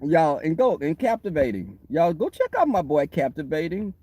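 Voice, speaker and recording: A man with a notably high voice chats loosely on a phone livestream, talking straight to his viewers. He tells animated, rambling stories and laughs often along the way. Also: moderate pace, husky, no room sound. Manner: animated storytelling, laughs often, talks to the chat. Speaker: livestream host. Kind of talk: casual livestream chat. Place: waiting for a shuttle, outdoors or in transit.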